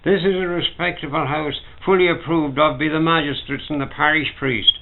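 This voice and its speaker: A man's voice: fairly high pitch, steady tone, moderate pace, natural voice. An older man with a Dublin accent reading the part of a fussy, emphatic male bartender. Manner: emphatic, prim. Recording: tinny 1950s home recording.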